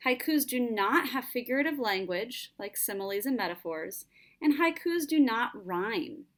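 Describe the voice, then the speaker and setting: A woman teacher giving a patient, clear lesson to students. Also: on the high side, animated, normal speed, a bit bright. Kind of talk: classroom lesson narration.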